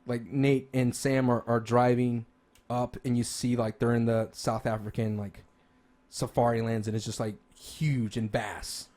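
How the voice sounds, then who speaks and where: A man's voice: mid-range voice, flat delivery, measured pace, darkish tone. A man co-hosting a podcast, chatting casually and enthusiastically, rambling with lots of restarts and fillers. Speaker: podcast co-host. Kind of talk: casual chat about games and movies.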